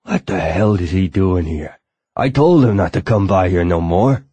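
A man voicing a gruff older male bouncer, a former heavyweight boxer, coarse and contemptuous. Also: low voice, lively intonation, normal speed, warm tone, no echo. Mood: angry.

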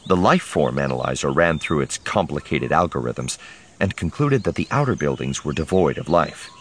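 A man's voice: a bass voice, expressive, moderate pace, slight background noise. A man narrating an audiobook dramatically, voicing each character himself.

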